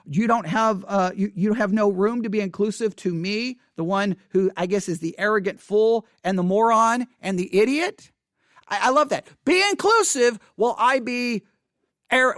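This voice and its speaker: A man hosting a channel, reading viewer comments aloud and answering them in an animated, exasperated way, with frequent stammered restarts. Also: sits high, moderate pace, no echo, studio quality.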